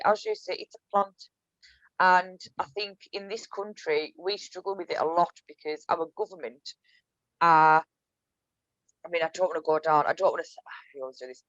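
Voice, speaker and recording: A woman's voice: mid-range voice, dry recording, dull audio. Chatty Cumbrian woman, storytelling. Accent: Cumbrian (Whitehaven). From Cumbria, England. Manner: chatty, storytelling, many restarts and fillers. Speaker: guest, business owner. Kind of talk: casual podcast interview.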